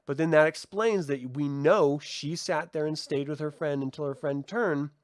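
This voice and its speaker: A man giving a casual review of a TV episode, excitable and gushing, swearing freely and filling his talk with "like". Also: on the high side, moderate pace, no echo. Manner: excitable, swears, many "like" fillers. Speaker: TV series reviewer. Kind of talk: casual video review commentary.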